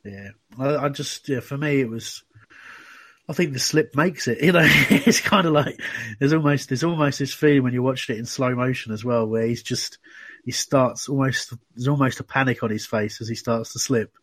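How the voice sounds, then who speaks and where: A man's voice: medium pitch, moderate pace, a bit bright, no room sound. A man hosting a casual fan podcast, chatty and full of restarts. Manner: chatty, many restarts and "you know"s. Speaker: podcast host.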